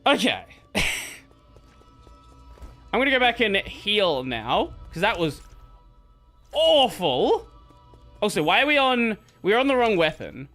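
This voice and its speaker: Animated man streaming a game. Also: high voice, slow, long pauses, faint music behind. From Australia. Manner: rambling, animated, swears casually. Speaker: gaming streamer. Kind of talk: casual gameplay commentary.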